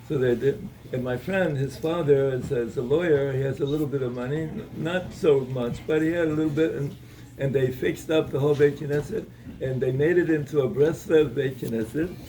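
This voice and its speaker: A man giving a Torah talk at an evening gathering, telling a story in a halting way, with many repeated words and restarts. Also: mid-range voice, dark tone, far from the mic, a little hiss or hum, poor audio.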